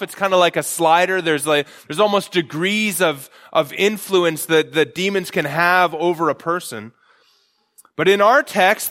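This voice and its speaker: A male pastor preaching an earnest expository sermon, slowing down to stress key phrases. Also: sits high, fairly bright tone.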